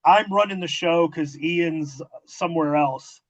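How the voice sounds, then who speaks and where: A man with a fairly high-pitched voice tells backstage stories in a loose, conversational way, acting out the dialogue and swearing freely. The recording is dull and lo-fi. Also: a little slow. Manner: profane, animated storytelling with quoted dialogue. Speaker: podcast host and former wrestling manager. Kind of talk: casual storytelling interview. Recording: dull lo-fi audio.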